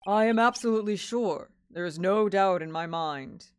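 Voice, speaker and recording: A woman's voice: mid-range voice, normal speed, clear, resonant tone, close to an everyday voice. A woman voicing an earnest young male acrobat in a put-on German accent that drifts toward French, while reading a visual novel on stream. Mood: solemn. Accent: attempted German accent.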